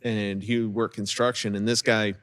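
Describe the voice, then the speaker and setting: A man's voice: lowish voice, little pitch movement, moderate pace, fairly bright tone. A man, a drummer and guest, chatting casually in an easygoing, amused way about landing gigs. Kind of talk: casual chat.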